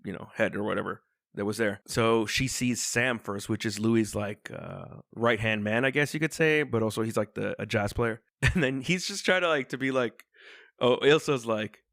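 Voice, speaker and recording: A man hosting a podcast, casually retelling a classic film in a rambling, animated way. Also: mid-range voice, moderate pace, vocal fry, no room sound, studio quality. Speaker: podcast host. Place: room in Los Angeles.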